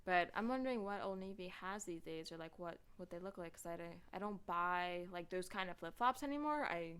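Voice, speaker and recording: A woman's voice: fairly low pitch, animated, fairly quick, fairly bright tone, clean tone. A young adult woman hosting a podcast, talking casually and rambling through stories with lots of filler words. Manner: rambling, filler-heavy storytelling. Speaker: podcast host. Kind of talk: casual chat.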